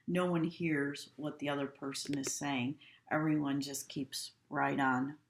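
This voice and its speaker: A woman with a low voice gives a calm training talk at an unhurried pace and stresses each rule twice. The recording is echoey, as if made in a bare room. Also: gravelly. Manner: calm, instructive, repeats key points. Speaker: healthcare trainer.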